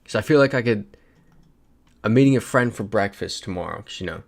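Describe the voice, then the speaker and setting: A man's voice: fairly low pitch, animated, fairly quick, vocal fry. A man hosting a casual livestream, chatting loosely and reading viewer messages aloud as he plays. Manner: chatty, reads chat messages aloud while playing. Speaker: livestream host. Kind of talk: casual live-stream chat.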